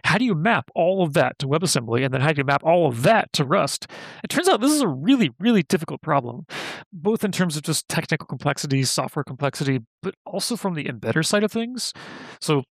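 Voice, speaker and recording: Man, gravelly voice, slightly high pitch, dry close sound, casual technical explainer, lots of filler words. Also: very animated, fairly quick, no echo. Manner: thinks aloud, lots of "like" and self-corrections. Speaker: guest software engineer.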